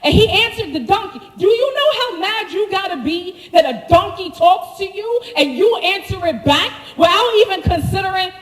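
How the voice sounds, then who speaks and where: Animated high-voiced woman preacher. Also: moderate pace, hardly any pauses, echoey room, in a large hall, rough recording. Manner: animated storytelling, slangy asides to the congregation. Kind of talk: sermon. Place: church sanctuary.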